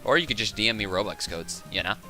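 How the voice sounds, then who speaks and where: A man's voice: lowish voice, lively intonation, quick pace, pushed and bright, faint music behind. A young man from the Southern United States with a Southern accent, chatting casually and rambling during a live game stream. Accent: Southern American. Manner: rambling, chatty, laughs often.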